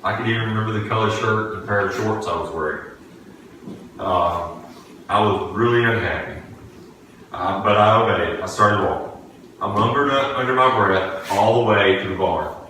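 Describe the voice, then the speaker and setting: A man delivers a sermon, weaving in a childhood story with earnest, halting restarts. His low voice has a bright, forceful edge. He sounds set back from the microphone in a very echoey church room. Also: slight background noise. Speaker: preacher. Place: church sanctuary. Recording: echoey room, distant from the mic.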